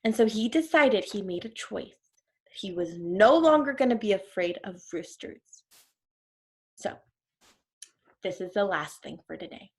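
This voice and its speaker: A woman's voice: medium pitch, lively intonation, a little slow, pauses often. A woman teacher reading a storybook to her class, stopping to explain words and ask questions.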